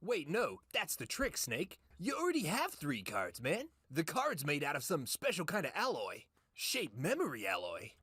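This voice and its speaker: A man's voice: fairly high pitch, huge pitch swings, normal speed, hardly any pauses, pushed and bright, husky, no echo, clean studio sound, voice pushed up, heavily acted. A man voicing a scheming male military advisor on the radio, asking conspiratorial, probing questions. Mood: explaining.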